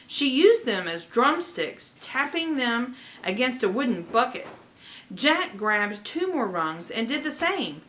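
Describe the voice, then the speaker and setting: A woman reading a children's chapter book aloud with expressive delivery and chatty asides. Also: on the high side, slow pace, a little hiss or hum, rough recording. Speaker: reader.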